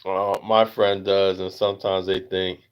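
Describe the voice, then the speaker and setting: An American man hosting a casual livestream chat. He rambles with lots of fillers and jumps into high-pitched voices when he acts out other people. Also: flat delivery, measured pace, clear, resonant tone, dull audio. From United States. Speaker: livestream host.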